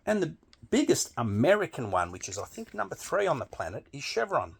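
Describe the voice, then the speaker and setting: A man's voice: on the high side, huge pitch swings, brisk, vocal fry, husky. A man delivering a blunt, emphatic opinion monologue with frequent swearing. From Australia. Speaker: political commentator.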